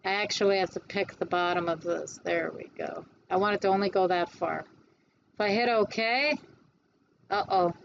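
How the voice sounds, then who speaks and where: A woman instructor giving a classroom lecture on design software, chatty and quick to answer her own questions. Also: fairly low pitch, fairly even intonation, vocal fry, dull audio, noisy background.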